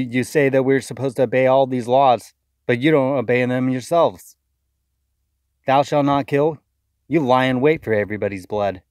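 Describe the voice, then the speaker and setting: A man's voice: medium pitch, darkish tone, dry recording, studio quality. A man giving a fiery, accusatory video sermon, often repeating words as he rants. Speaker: self-styled preacher. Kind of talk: impassioned video sermon rant.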